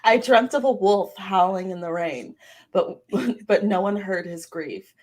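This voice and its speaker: A woman's voice: mid-range voice, a little hiss or hum, lightly acted. A woman putting on the voice of an ancient female seer reciting eerie dreams, with a put-on Boston accent. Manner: slow, creepy, drawn-out recitation.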